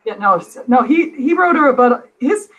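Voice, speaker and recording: A woman's voice: high voice, lively intonation, brisk, highs cut off. A woman on a casual chat as a guest, rambling and laughing often. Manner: giggly, rambling.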